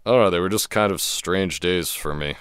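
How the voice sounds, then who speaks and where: A young man in his twenties speaks in a very deep, smooth voice. He sounds thoughtful and a little hesitant. The recording is close and dry. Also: fairly quick, fairly bright tone, dry recording. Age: 20s. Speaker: guest.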